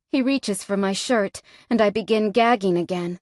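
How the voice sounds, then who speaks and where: A woman's voice: mid-range voice, moderate pace, hardly any pauses, darkish tone, dry recording, clean studio sound. A woman narrating a romance novel in the first person, in a tense, dramatic manner. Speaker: audiobook narrator.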